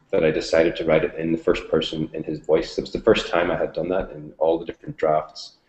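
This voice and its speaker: A man with a deep, low voice talks about books in an interview. He speaks haltingly, full of ums and restarts. The sound is roomy and echoey, as on a video call. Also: darkish tone, dull audio. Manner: hesitant, many ums and restarts. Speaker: novelist and book reviewer.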